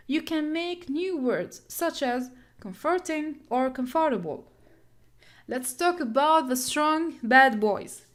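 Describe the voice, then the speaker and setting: A woman teaches English at an unhurried pace. Her voice sits fairly high, and she repeats key points patiently, giving the terms playful nicknames. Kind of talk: explaining lesson material.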